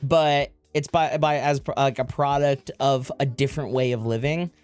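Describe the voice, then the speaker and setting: A woman's voice: extremely low pitch, fairly even intonation, normal speed, a little mellow, clear, resonant tone, faint music behind. A woman streamer chatting casually with her viewers, rambling and correcting herself. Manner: rambling, self-interrupting, swearing.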